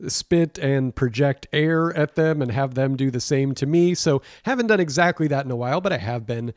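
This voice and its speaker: A man's voice: medium pitch, normal speed, darkish tone, dry recording, clean studio sound. A man hosting a cooking podcast, talking in a rambling, enthusiastic way that often breaks off and restarts. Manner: rambling, enthusiastic, self-interrupting. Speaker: podcast host. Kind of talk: casual podcast chat.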